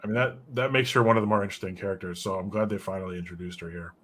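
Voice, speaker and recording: A man's voice: low voice, steady tone, very fast, fairly bright tone, slight background noise. A man hosting a casual comic book discussion who rambles and drifts into side notes. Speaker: podcast host reviewing comics.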